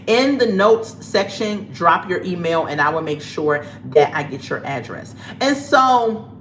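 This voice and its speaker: Woman, slightly low voice, casual livestream seller, animated storytelling, echoey room, faint noise. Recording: roomy echo, faint background noise.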